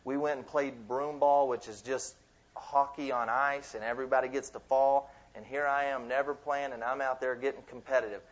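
A man giving a sermon as a youth minister, in lively, conversational preaching with asides. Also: medium pitch, moderate pace. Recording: dull lo-fi sound.

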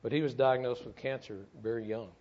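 A middle-aged man preaches in a halting, earnest way, stumbling over and repeating words as he tells a story. His voice sits at an ordinary pitch and comes through a dull, lo-fi recording. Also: steady tone. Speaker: church speaker, former firefighter. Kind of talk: sermon storytelling.

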